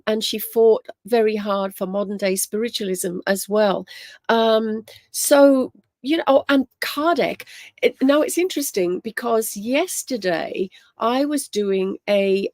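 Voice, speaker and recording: A woman's voice: medium pitch, slow, darkish tone, dry recording. Chatty woman, dry close sound. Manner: chatty storytelling, frequent ums, greets viewers by name. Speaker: spiritual teacher hosting a livestream. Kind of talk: casual livestream chat with viewers.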